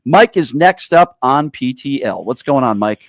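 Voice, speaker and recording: A man's voice: medium pitch, animated, a little slow, dry recording, studio quality. A man hosting a call-in talk radio show, speaking emphatically and indignantly to callers.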